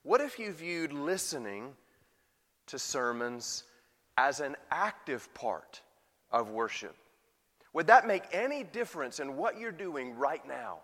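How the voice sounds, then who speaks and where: A man's voice: a little high, very animated, takes it slowly, fairly bright tone, big-room sound. A man preaching a sermon and putting rhetorical questions to his congregation. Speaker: pastor.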